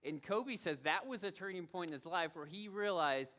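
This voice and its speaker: A man's voice: high-pitched, animated, normal speed, few pauses, fairly bright tone. A male pastor giving a sermon in a conversational storytelling way, repeating his key phrases for emphasis.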